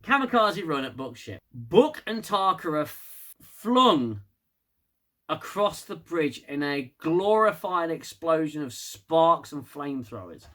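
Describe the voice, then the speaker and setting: A man's voice: fairly high pitch, big pitch swings, slow, fairly bright tone. A British man casually recapping a TV episode with sarcastic, laughing asides. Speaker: TV episode reviewer.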